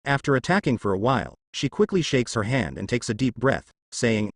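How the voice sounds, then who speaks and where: A man giving steady scripted narration of a translated web novel, reading sound-effect words aloud. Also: medium pitch, fairly quick, creaky, dry recording, studio quality.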